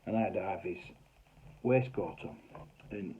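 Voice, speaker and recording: A middle-aged cable TV engineer with a broad Lancashire accent tells a casual work anecdote, lively and swearing freely, using broad dialect grammar. His voice is deep and his pace normal. The recording is tinny and phone-quality, with slight background noise.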